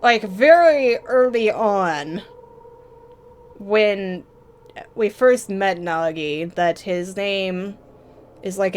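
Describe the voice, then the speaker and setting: A woman's voice: mid-range voice, a little hiss or hum. A woman hosting a let's play, reacting emotionally to a story game and swearing freely. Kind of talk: casual gameplay commentary.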